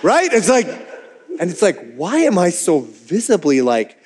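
This pastor has a high, sing-song voice with a darkish tone and a measured pace. He preaches in a candid, conversational way, frequently restarting and repeating words. He also acts out his own quoted thoughts.

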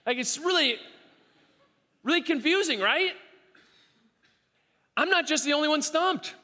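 Man preaching in a reverberant hall, high pitch, lively and repetitive, acts out the quotes. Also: a little slow. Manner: animated, acts out quoted voices, repeats himself. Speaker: pastor. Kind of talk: sermon.

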